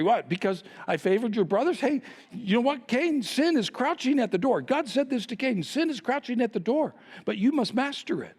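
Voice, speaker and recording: A man's voice: very high-pitched, big pitch swings, moderate pace, a little mellow, breathy edge, in a large hall. A male pastor preaching a sermon, teasing his congregation with playful rhetorical questions.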